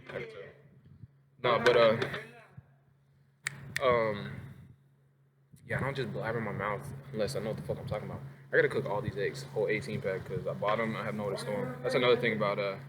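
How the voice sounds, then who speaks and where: A man's voice: lowish voice, background noise. A man ranting casually in a profane, rambling way in his home kitchen. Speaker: vlogger. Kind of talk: casual rant to camera.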